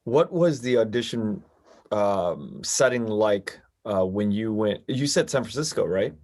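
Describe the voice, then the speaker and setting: A man's voice: on the low side, lively intonation, a little slow, a little mellow. Curious man asking winding questions. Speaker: podcast host. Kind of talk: conversational interview.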